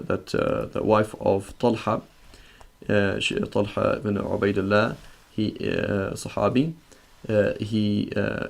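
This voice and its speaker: A low-pitched man with a gravelly, creaky edge teaches an informal religious lesson. He reads passages in classical Arabic, translates them, and unpacks their meaning conversationally. He often checks in with his listeners. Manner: reads Arabic text, then translates and explains it. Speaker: Islamic teacher.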